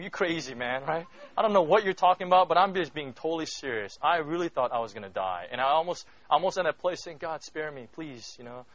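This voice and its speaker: A male pastor preaching a sermon in a chatty way, often checking in with the listeners, swinging from loud emphatic bursts to hushed moments. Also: fairly high pitch. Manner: conversational, keeps asking "right?". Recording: dull lo-fi recording.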